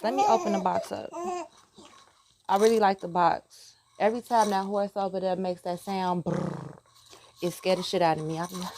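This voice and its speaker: A talkative woman rambling through a casual outdoor vlog at a mid pitch. She laughs often and drifts off to speak to her child. Steady outdoor noise and clicks run under her voice. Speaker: tarot vlogger. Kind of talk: casual chat to viewers. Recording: noisy outdoor recording.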